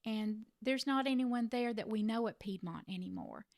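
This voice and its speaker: A middle-aged woman who cared for a parent, telling a personal story to the camera in an earnest, reflective way with gentle emphasis. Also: a little high, expressive, moderate pace, dry recording, studio quality. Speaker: family caregiver sharing advice.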